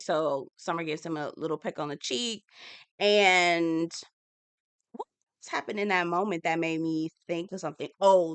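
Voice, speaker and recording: A young woman giving a sassy, animated casual recap of a reality TV episode. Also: lowish voice, smooth, dry recording. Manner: sassy, animated, acts out quoted lines. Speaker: TV recap reviewer.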